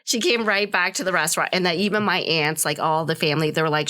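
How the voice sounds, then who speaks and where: A fairly low-pitched woman, a podcast guest, talks through a family story in a loose, meandering way. She leans on fillers and restarts, backing up and circling round as she goes. She sounds like she is in her thirties. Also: steady tone, quick pace, bright, forceful tone. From Vietnam. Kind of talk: casual interview chat.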